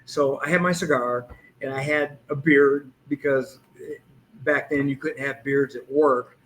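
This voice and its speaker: A man's voice: medium pitch, fairly even intonation, a little slow, fairly bright tone, a little hiss or hum, poor audio. A man in his sixties, a police hostage negotiator, telling anecdotes in a casual interview and acting out the lines he quotes. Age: 60s.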